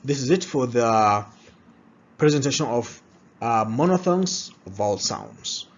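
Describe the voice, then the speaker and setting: Very slow, husky man drilling vowels. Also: mid-range voice, animated, dull audio. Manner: slow, repeats each word several times. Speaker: pronunciation teacher. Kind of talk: pronunciation drill lesson.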